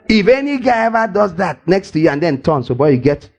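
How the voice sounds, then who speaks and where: An older man preaching, his voice pitched high with a gravelly rasp running through it. He teases his congregation playfully, acting out little everyday scenes to make his point. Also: big pitch swings, a little fast, a little mellow, lo-fi sound. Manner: playful and teasing, acts out scenes, laughs often. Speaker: pastor. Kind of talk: lively church sermon. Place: church hall.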